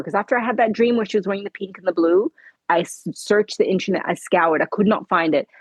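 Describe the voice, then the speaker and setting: Woman guest, husky low voice, halting emotional testimony, dry sound. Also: a little mellow, no echo, poor audio. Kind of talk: personal testimony interview.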